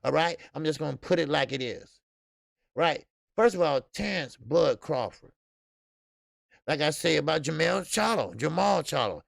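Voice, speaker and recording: An American man hosting a live boxing talk show, speaking straight to his chat. His voice is fairly high and gravelly, and he rambles loosely, full of fillers and restarts. The sound is dry and close. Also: animated, normal speed, no echo. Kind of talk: live-stream commentary with chat.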